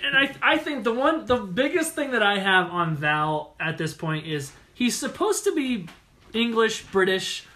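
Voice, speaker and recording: A man co-hosting a laid-back film podcast, his voice bright and forward. He rambles, doubling back on words as he works out what he means. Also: high-pitched, very animated, unhurried. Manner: rambling, repeats words while thinking. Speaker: podcast co-host. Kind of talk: casual movie-review chat.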